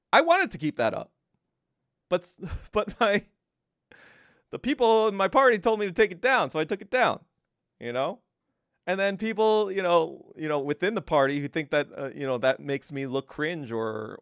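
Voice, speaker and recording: A man's voice: a little high, moderate pace, vocal fry, pauses often, smooth, dry recording, clean studio sound. A middle-aged male podcast host in a profane, mocking monologue, telling stories and ranting. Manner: profane, mocking, animated storytelling.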